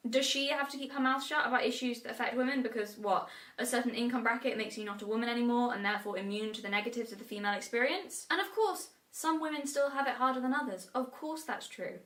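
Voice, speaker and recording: English woman, fairly high voice, wry, recorded far off in an echoey room. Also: fairly bright tone. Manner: wry, indignant. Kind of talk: vlog commentary. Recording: roomy, distant mic.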